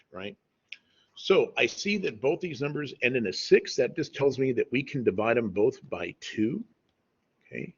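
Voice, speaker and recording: A man with a husky, slightly breathy voice walks through math problems in a relaxed, conversational tone, checking in with "okay?" as he goes. The audio is dull and lo-fi, like a home screen recording. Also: medium pitch, brisk. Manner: conversational, says "y'all" and "okay?" often. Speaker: math teacher.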